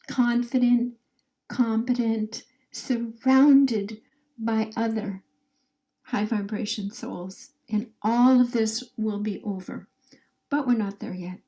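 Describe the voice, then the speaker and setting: A woman leading a guided meditation in a soft, drawn-out way, her phrases trailing off into whispers as she invites listeners to repeat affirmations after her. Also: fairly high pitch, poor audio. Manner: leads call-and-response affirmations.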